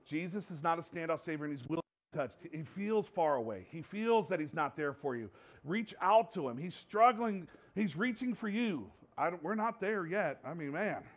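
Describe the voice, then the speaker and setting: A man preaching a sermon in a lively, repetitive way, stumbling over words and acting out the people he quotes. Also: a little high. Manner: animated, repeats himself, acts out quotes. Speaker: pastor. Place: church hall with slides.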